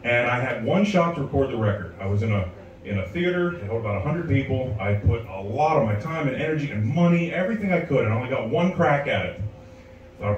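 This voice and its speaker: A stand-up comic spins a long tale in a club, voicing different characters with animated energy as the audience laughs. He talks briskly at medium pitch, captured in a distant, roomy live recording with slight background noise.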